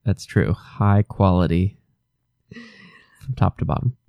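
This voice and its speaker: A man co-hosting a casual podcast, making dry wordplay jokes in a deadpan way. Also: low voice, slow, creaky, no room sound, lo-fi sound. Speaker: podcast co-host. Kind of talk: casual chat.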